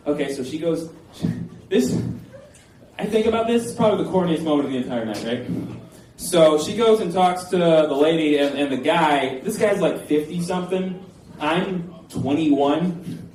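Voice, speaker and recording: A man's voice: fairly high pitch, lively intonation, normal speed, a little mellow. A man in his late twenties telling a comic personal story at a live storytelling event, rambling and self-mocking, with lots of filler words. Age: late 20s. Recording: echoey room, voice from a distance, faint background noise.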